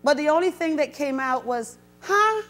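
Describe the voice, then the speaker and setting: A woman storyteller giving an animated talk to a university audience, acting out the people she quotes. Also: a little fast, faint music behind. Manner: animated, acts out quotes with big pitch jumps. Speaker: storyteller and guest speaker. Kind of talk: storytelling lecture. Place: university event, in front of an audience.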